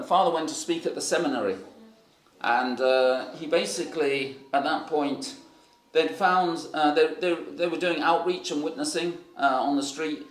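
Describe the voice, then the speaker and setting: Rambling preacher man in an echoey hall. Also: fairly high pitch. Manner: rambling, many fillers and restarts. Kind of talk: sermon with storytelling.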